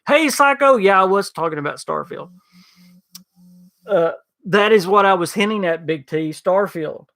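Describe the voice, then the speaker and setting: A man hosts a casual gaming podcast stream, reading and answering his chat. His voice sits a little high with a gravelly rasp. He rambles, repeats himself and restarts words often. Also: measured pace, fairly bright tone. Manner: rambling, stammering restarts, addresses chat by name.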